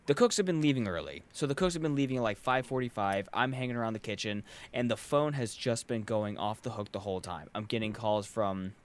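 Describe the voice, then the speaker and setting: A man's voice: on the low side, fairly quick, few pauses. A young man hosting a podcast, telling a long exasperated story with sardonic asides and frequent swearing, worn out from work. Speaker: podcast host. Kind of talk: casual podcast rant.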